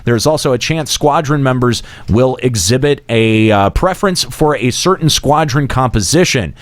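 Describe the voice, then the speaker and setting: A man's voice: medium pitch, normal speed, no echo. A man co-hosting a gaming podcast, reading patch notes aloud with joking asides. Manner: reads in a steady flat delivery, breaks into mocking jeers. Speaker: podcast co-host.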